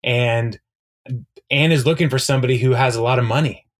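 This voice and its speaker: A man's voice: medium pitch, a little fast. Chatty man recapping a show. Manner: rambling, filler-heavy, laughs often. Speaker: podcast co-host. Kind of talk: casual chat recapping a TV episode.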